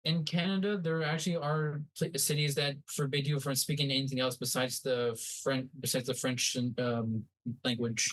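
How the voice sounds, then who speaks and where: A man's voice: medium pitch, little pitch movement, normal speed, a bit bright, poor audio. A man co-hosting a podcast, rambling along in casual chat full of fillers and restarts. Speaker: podcast co-host.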